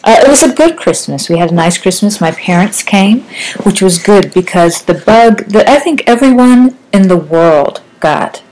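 A woman's voice: medium pitch, expressive, moderate pace, a little mellow, low-quality recording. A woman in her forties chatting casually to the camera, rambling and self-deprecating, with a slight lisp from new braces. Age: 40s. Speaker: vlogger. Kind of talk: casual chat.

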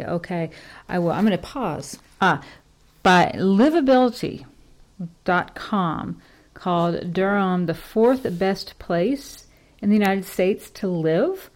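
Woman, podcast host, casual monologue, rambling, self-deprecating, slightly low voice. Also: a little mellow. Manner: chatty, self-deprecating, digressive. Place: home kitchen.

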